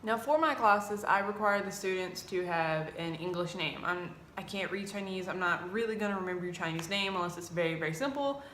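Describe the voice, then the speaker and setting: A woman's voice: lowish voice, brisk, few pauses, roomy sound, slight background noise. A young woman in her twenties, an English teacher telling classroom stories in a casual vlog, acting out her students' lines. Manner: animated, acts out students' lines in quoted voices.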